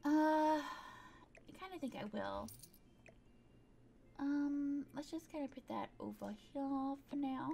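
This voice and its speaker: High-voiced woman chatting thru her game, kinda slow and croaky, lots of little boop noises. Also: mellow, a little hiss or hum. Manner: chatty, thinking aloud with playful sound words. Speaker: gaming video creator. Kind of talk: casual gameplay commentary.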